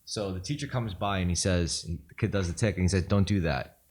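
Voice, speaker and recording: A man's voice: low voice, fast talker, darkish tone, breathy edge. A man co-hosting a podcast, arguing provocative points and telling stories in casual, crude chat. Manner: provocative, argumentative storyteller. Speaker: podcast co-host.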